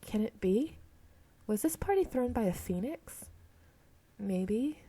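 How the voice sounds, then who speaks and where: A woman's voice: fairly high pitch, lively intonation, takes it slowly, dark tone, slightly rough. A woman reading a romance visual novel aloud, often stumbling and correcting herself, with chatty asides. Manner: reads narration, stumbles and self-corrects, laughs at herself. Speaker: game streamer reading aloud.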